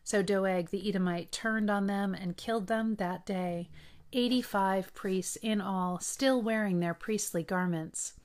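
Woman reading scripture, mid-pitched. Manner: measured reading with brief asides. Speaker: Bible reading host.

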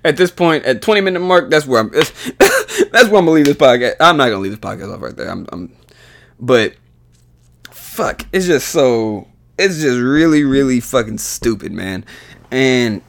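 A man's voice: mid-range voice, very animated, normal speed, creaky. A man hosting a podcast, ranting in a profane, exasperated way, his voice jumping up when he gets heated. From United States. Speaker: podcast host. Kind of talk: solo podcast rant.

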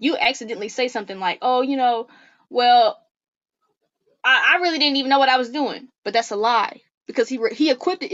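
A woman guest on a faith-based podcast, talking earnestly in an animated, preacherly way. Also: on the high side, muffled recording.

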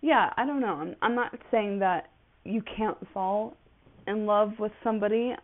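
A woman's voice: medium pitch, normal speed. A woman in her twenties, a podcast host, chatting casually and rambling with lots of fillers. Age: 20s. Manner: rambling, chatty, with many fillers and frequent laughs. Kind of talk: casual solo podcast chat. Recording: tinny phone-like audio.

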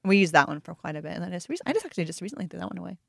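Lower-voiced woman, chatty comedian. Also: sing-song, very fast, gravelly, a bit bright, no room sound, studio quality. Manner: chatty, rambling. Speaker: podcast co-host, comedian. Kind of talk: casual chat.

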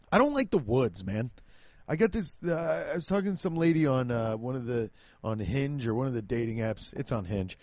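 A young man telling comic stories in a loud, profane, exaggerated rant. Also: on the high side, dry recording. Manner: animated, profane, exaggerated storytelling. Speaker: comedian. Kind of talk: stand-up style comic rant.

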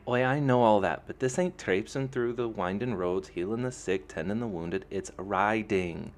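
A man reading a novel aloud, voicing a loud, petite young woman with a thick accent who teases her friends. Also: sits low, moderate pace, slight background noise. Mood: teasing. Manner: brash and teasing.

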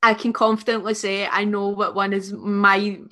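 A woman guest on a podcast, telling stories in a giggly, animated way. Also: medium pitch, normal speed. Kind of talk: casual podcast chat.

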